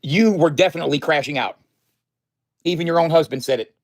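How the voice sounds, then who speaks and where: A man's voice: a little high, fairly quick, dry recording. A man casually chatting on his live stream from home, joking loosely with plenty of profanity. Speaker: livestreamer. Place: indoors at home.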